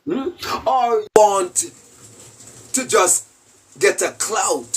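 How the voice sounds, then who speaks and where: Jamaican man, self-styled preacher, slow, husky, mocking, heard a bit off-mic. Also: sits high, expressive, recorded from a distance. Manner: rhetorical questions, mocking laughter, preachy. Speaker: self-styled spiritual commentator. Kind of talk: rambling monologue.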